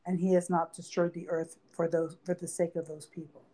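A woman with a fairly low voice reads old Bible verses aloud on a podcast. She then explains them in a plain, conversational way. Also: flat delivery, brisk, warm tone. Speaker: podcast co-host. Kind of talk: Bible study talk.

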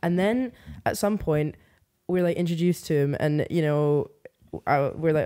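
A young woman, a podcast guest chatting casually and telling animated, sarcastic stories. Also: low-pitched, normal speed. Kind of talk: casual chat.

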